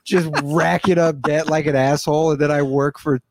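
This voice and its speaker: A man's voice: fairly high pitch, flat delivery, moderate pace, noisy background. A young man co-hosting a podcast, chatting in a blunt, profane, joking way. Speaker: podcast co-host. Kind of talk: casual chat.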